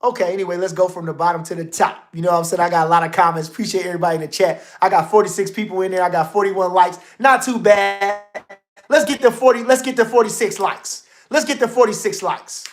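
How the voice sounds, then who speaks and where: Middle-aged guy doing boxing talk on a livestream, slangy, goes from mumbling low to hyped and loud. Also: fast talker, few pauses, faint music behind. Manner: animated, slangy, swings from low murmur to loud outbursts. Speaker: boxing commentator. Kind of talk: casual livestream commentary.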